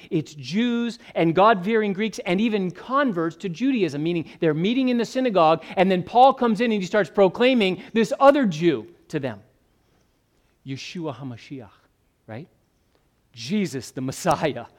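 A male pastor preaching an expository sermon, mixing conversational asides with rising emphasis. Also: sits high.

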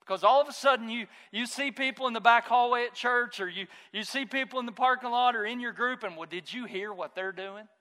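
A man's voice: very high voice, quick pace, hardly any pauses, sharp tone. A man in his thirties preaching a sermon as a pastor, talking conversationally and weaving in stories about his own family. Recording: long hall reverb.

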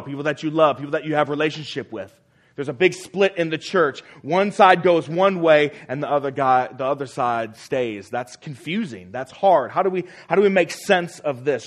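A pastor with a slightly high voice preaches a sermon earnestly. He likes to repeat phrases for emphasis, and his voice softens as each sentence ends.

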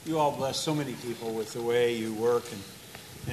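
Older man, earnest measured delivery, church testimony and prayer, mid-pitched voice. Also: steady tone, a little mellow, a little hiss or hum. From United States. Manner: earnest, measured, with frequent uh fillers. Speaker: speaker at a church marriage event.

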